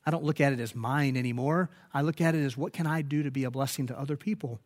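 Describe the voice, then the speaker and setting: A man's voice: medium pitch, fairly even intonation, fast, few pauses. A man preaching a sermon, telling stories and rising to emphatic peaks. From United States. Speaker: pastor.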